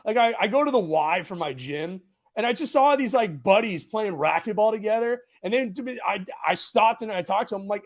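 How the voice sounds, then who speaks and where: A man's voice: high-pitched, expressive, fairly quick, few pauses. A young man hosting a casual chat, laid-back and jokey, full of "bro" and "like". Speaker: podcast host.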